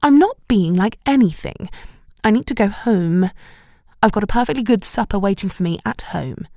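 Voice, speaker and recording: A woman's voice: medium pitch, expressive, normal speed, darkish tone, dry recording, clean studio sound. A woman voicing a prickly, affronted mother. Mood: hurt. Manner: clipped and affronted. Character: prickly, easily offended middle-aged mother.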